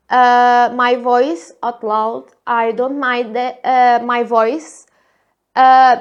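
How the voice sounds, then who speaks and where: A woman from Portugal with a Portuguese accent, a native Portuguese speaker, hosting a reflective solo podcast in a thin, squeaky, girlish voice and pausing often on hesitant fillers. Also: dull audio. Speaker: podcast host.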